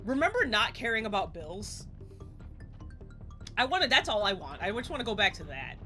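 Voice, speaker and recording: A woman of about forty chatting casually while streaming a game live, excitable and swearing, often laughing and yelping at the screen. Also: medium pitch, normal speed, faint music behind. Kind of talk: live gameplay stream chat. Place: home streaming setup in front of a green screen.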